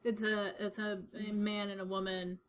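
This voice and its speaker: A woman's voice: medium pitch, flat delivery, moderate pace. A woman co-hosting a podcast, chatting casually, laughing often and jumping in on her co-host's points. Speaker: podcast co-host. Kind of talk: casual chat.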